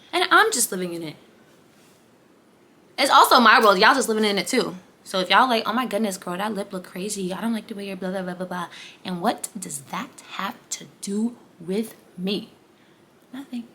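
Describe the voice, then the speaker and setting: A woman in her twenties giving a chatty, animated motivational vlog, sometimes dropping into whispers and playful asides. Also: on the high side, slightly rough. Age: 20s. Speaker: vlogger.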